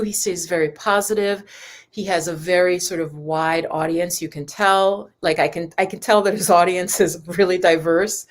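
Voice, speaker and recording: A woman's voice: lowish voice, steady tone, moderate pace. A woman spiritual teacher chatting casually with viewers on a live stream, rambling and talking straight to her audience. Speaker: spiritual teacher and yoga host.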